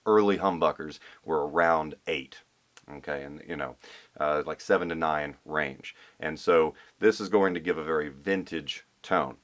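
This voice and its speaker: A man's voice: very deep voice, measured pace, fairly bright tone. A man explaining a guitar pickup swap in a casual, thinking-aloud way with restarts and fillers. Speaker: guitar restorer.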